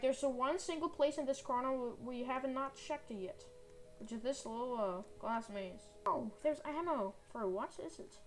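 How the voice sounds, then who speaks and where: A woman giving excitable, melodramatic let's-play commentary while calling out to a teammate. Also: high voice. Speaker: gaming channel host.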